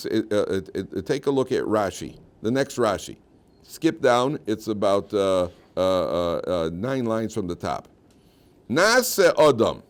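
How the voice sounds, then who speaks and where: An older man, a rabbi, teaching a Torah class. He reads out Hebrew quotes and explains them in English with lively, conversational asides. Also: mid-range voice.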